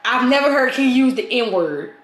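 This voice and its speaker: A St. Louis woman with a local accent co-hosts a casual podcast, telling animated stories with lots of laughter and acted-out quotes. Her voice sits high at a normal speed, and the sound is reverberant.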